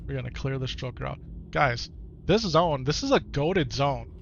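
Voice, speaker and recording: A man's voice: medium pitch, lively intonation, normal speed, gravelly, highs cut off, a little hiss or hum. A man with a Wisconsin accent, streaming a video game live, chatting easily with viewers and often repeating his own phrases. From Wisconsin, United States. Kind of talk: live gameplay commentary while reading chat.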